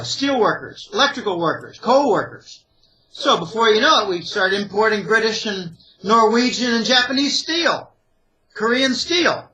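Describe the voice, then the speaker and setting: A man's voice: high-pitched, bright, forceful tone, poor audio. A man from the Pittsburgh area, a financial analyst giving opinionated interview commentary in an emphatic, rambling way, listing point after point. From Pittsburgh area, USA.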